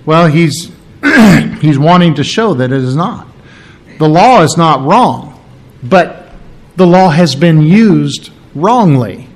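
Slow, halting male preacher. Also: fairly high pitch, expressive. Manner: slow, halting teaching with frequent throat clearing. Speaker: pastor. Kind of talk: sermon.

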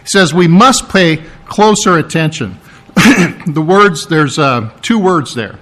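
A man's voice: fairly high pitch, animated, takes it slowly, a bit bright. A middle-aged man, a pastor preaching a sermon in a conversational, explaining manner, often repeating his words.

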